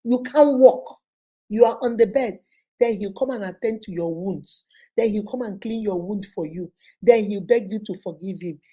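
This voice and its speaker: A woman's voice: mid-range voice, moderate pace, dark tone, slightly rough. A middle-aged woman hosting a relationship advice talk, passionate and preachy, repeating lines for emphasis. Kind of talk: live advice talk to viewers.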